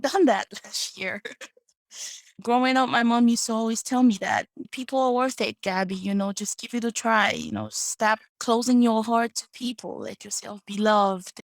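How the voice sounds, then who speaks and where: A woman's voice: a little high, no echo. Earnest woman in her twenties telling stories. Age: 20s. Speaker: podcast guest. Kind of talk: personal storytelling.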